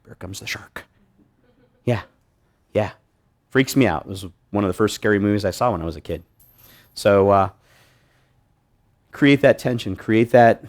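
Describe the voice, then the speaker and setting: A man presenting a hypnosis demonstration to a live audience, joking with volunteers and restarting his sentences often. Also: on the low side. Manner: joking, animated, many restarts. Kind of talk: live stage demonstration talk. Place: meeting room with audience.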